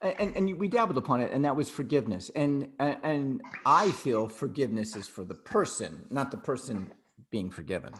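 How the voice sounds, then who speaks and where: A man's voice: medium pitch, big pitch swings, fairly quick, fairly bright tone, slight background noise. A middle-aged man co-hosting a podcast over a video call, talking things over reflectively and often repeating words while he thinks. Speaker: podcast co-host.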